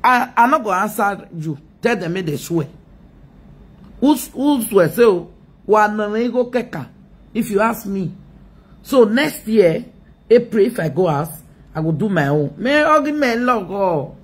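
A woman's voice: medium pitch, expressive, a little slow, slightly rough. A Nigerian woman ranting mockingly on a live video, scolding and laughing often.

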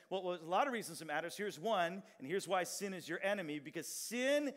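A man pastor preaching an energetic sermon, drawing out key lines and getting the congregation to respond. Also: on the high side. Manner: animated preaching, shouts and drawn-out emphatic lines, audience call-and-response. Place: large church hall with long reverb. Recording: reverberant church hall.

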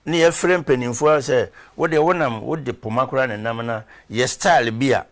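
Man, reverend guest, ex-footballer, conversational, rambling, mid-pitched voice. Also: normal speed, a bit bright. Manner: rambling storytelling, searching for names. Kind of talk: conversational interview.

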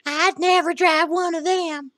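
A woman playing a slow, sweet-talking old lady. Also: extremely high pitch, steady tone, fairly bright tone, dry recording. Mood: chatty sweet. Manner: drawling, calls him sweetheart and honey. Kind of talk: prank phone call role-play.

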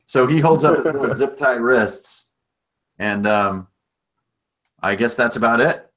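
A man acts as game master for a tabletop game, narrating in an easygoing, loose way. His voice is medium-pitched and fairly bright, and he takes his time.

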